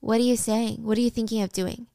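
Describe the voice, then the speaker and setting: A woman doing a frightened teenage girl from a thriller series, her questions climbing as she pleads. The voice is clear and dry. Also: on the high side, steady tone, fast, warm tone, no room sound. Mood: worried.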